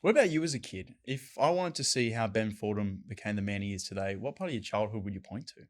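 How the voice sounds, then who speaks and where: Podcast host guy, lowish voice, short questions to his guest. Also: animated, fast talker. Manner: brief prompting questions. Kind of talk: interview questions.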